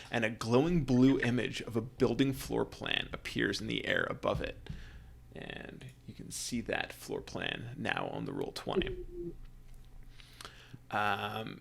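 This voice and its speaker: A man serves as game master for a tabletop adventure, setting the scene in a friendly, halting manner with many restarts. His voice is gravelly and creaky at a middle pitch. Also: pushed and bright.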